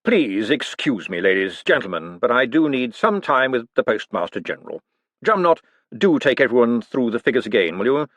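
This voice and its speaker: An icy, measured aristocrat who drops each word with calm menace, as a male narrator puts him on. The voice moves with a lively rise and fall. It sounds close and dry. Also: medium pitch, dry recording. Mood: cool menace. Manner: slow, measured, precise and icy.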